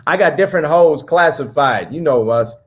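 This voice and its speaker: A man with a fairly high voice chats over a video call as a comedian guest. He tells animated, profane stories and slips into put-on voices for the people in them. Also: normal speed, poor audio. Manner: profane, joking. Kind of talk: casual comedic chat.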